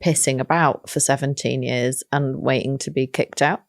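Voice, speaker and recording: A woman with a low, deep voice tells a story in an interview. She swears casually, acts out what others said, and sounds lively. The sound is dry and close. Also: moderate pace, dry recording. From England. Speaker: actress guest. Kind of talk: animated anecdote in interview.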